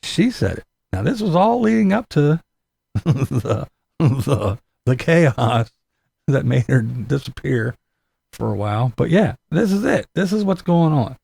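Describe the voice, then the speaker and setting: Raspy gravelly guy reacting to a clip, sardonic, pitch all over, dry sound. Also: lively intonation, measured pace, a little mellow, no room sound. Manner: sardonic, repeats himself, laughs between remarks. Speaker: reaction commentator. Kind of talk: casual reaction commentary.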